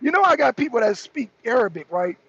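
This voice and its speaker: A man's voice: very high voice, sing-song, fast talker, fairly bright tone, slightly rough, no echo. A man co-hosting a political talk show, arguing heatedly, repeating himself and mocking the people he is answering. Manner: argumentative, repetitive, mocking. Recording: dull lo-fi stream audio with faint noise.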